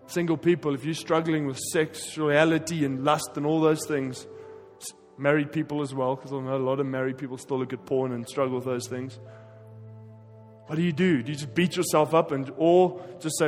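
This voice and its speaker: Preacher guy, fairly high voice, goes from fired up to hushed, big echoey hall with faint music behind. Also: fairly even intonation, normal speed. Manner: impassioned, swings between emphatic and hushed. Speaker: pastor. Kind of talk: sermon.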